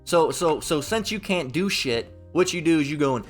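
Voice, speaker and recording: Heated, mocking man preaching with lively pitch. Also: brisk, few pauses, faint music behind. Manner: mocking, profane, repetitive. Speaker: Bible teacher. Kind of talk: heated Bible commentary.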